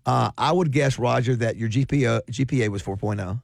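Radio guy rambling fast, kinda gravelly, dry mic, bit of music under it. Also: medium pitch, no echo. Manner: halting, repeats words, chatty. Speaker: radio morning show host. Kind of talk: casual on-air chat.

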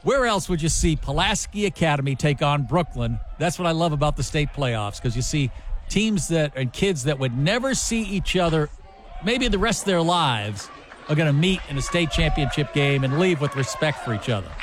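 Male guest commentator, somewhat high pitch, enthusiastic and earnest. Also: animated, normal speed. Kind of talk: broadcast commentary.

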